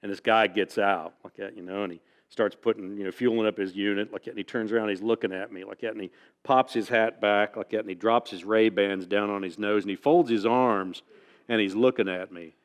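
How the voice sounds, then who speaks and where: An American author tells folksy stories to an audience in a library event hall, often tossing in "like that" asides. His voice is on the low side and steady, his pace brisk, and the hall adds a long reverb.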